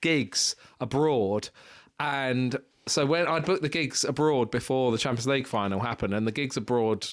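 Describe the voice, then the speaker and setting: Guest comedian, man, relaxed storyteller, middle pitch. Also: moderate pace. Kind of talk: casual podcast chat.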